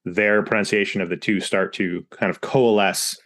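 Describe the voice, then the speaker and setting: A man's voice: fairly low pitch, steady tone, moderate pace, fairly bright tone. A man with an American accent hosting a podcast interview, engaged and thoughtful as he builds on his guest's points.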